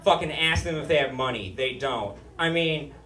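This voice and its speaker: Nasal high-voiced man doing stand-up. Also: normal speed, fairly bright tone. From Utah. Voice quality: nasal, whiny. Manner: brash, profane, self-mocking delivery. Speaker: stand-up comedian. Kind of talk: stand-up comedy set. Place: comedy club stage before a live audience. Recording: echoey room, distant mic, audience laughter.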